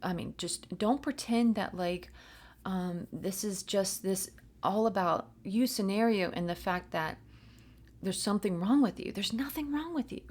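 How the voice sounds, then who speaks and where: Speaking unhurriedly in a medium-pitched, slightly mellow voice, a spiritual reader addresses viewers of her channel. Her casual pep talk to camera is chatty and rambling, encouraging throughout and tinged with self-mockery.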